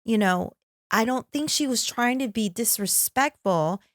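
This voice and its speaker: A woman's voice: a little high, lively intonation, measured pace, no echo. Middle-aged female co-host, conversational, mimics voices in anecdotes, dry close mic. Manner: conversational, acts out quoted voices. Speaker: podcast co-host. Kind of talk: casual chat.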